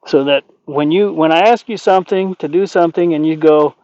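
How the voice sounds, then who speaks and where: A man working as a horse trainer, calmly explaining while talking gently and soothingly to a horse outdoors. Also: on the high side, a little fast, no echo, muffled recording. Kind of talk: training commentary.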